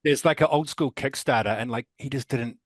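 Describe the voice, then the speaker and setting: A man's voice: mid-range voice, brisk, no echo. Laid-back New Zealand man, dry audio. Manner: rambling, laid-back, swears casually. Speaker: podcast guest. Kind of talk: casual chat.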